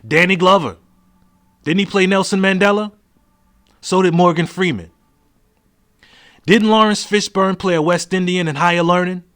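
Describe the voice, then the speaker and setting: A man's voice: high-pitched, moderate pace, pauses often, fairly bright tone. Blunt, fired-up man ranting on a podcast. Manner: blunt, profane, fires off rhetorical questions. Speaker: podcast host. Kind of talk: solo podcast monologue.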